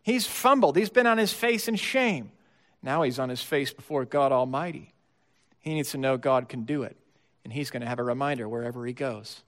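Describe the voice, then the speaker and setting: Expressive male preacher in a reverberant hall. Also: mid-range voice, normal speed. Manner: expressive preaching, swings between hushed and emphatic. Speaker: pastor. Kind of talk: sermon.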